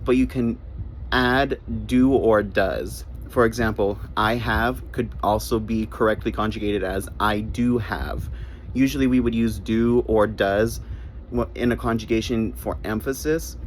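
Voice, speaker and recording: A man's voice: mid-range voice, steady tone, a little slow, a little hiss or hum, low-quality recording. A man giving short English grammar lessons, spelling words out letter by letter and repeating his key points. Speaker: English teacher.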